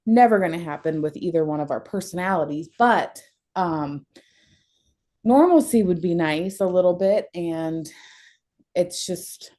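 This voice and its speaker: A woman's voice: fairly low pitch, lively intonation, measured pace, dark tone. A young adult woman talking candidly as a counseling client, emotional and blunt, often breaking into laughter.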